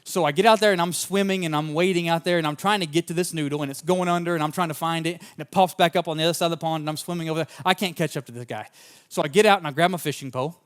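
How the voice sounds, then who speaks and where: A male pastor preaching a sermon and telling personal stories, fervent in places and relaxed in others. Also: fairly high pitch, very fast, clear, resonant tone. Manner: fervent at the open, then relaxed anecdotal storytelling.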